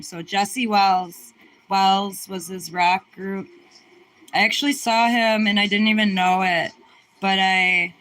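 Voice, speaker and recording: A woman's voice: mid-range voice, rough recording. A young woman from the American Midwest, casually chatting on a livestream and answering viewer questions, rambling with lots of fillers and restarts. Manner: rambling, filler-heavy, relaxed. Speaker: livestream host.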